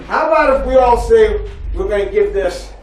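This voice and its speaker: A man's voice: high-pitched, moderate pace, slight background noise. A man giving a live motivational talk as a psychotherapist, joking and leading the audience in call-and-response chants. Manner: energetic, jokey, call-and-response. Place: large public library hall. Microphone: far from the mic. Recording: echoey hall from far off.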